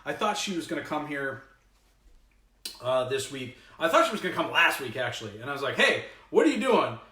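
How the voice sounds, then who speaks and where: A man hosting a casual home cooking show, excitable, exclaiming and laughing often as he chats to viewers in his kitchen. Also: medium pitch, brisk, echoey room. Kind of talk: casual cooking livestream chat.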